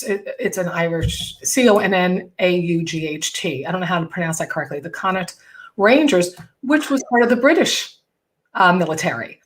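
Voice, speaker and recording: A middle-aged woman comedian hosting a casual chat show, talking in a chatty, animated, self-mocking way. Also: medium pitch. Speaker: podcast host and comedian.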